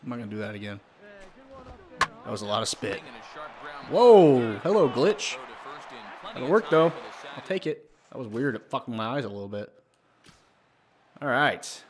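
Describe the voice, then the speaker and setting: A gaming video creator plays his own baseball video game and comments casually, speaking at normal speed with long pauses. Bad pitches set off bursts of swearing and yelling before he talks himself back to calm.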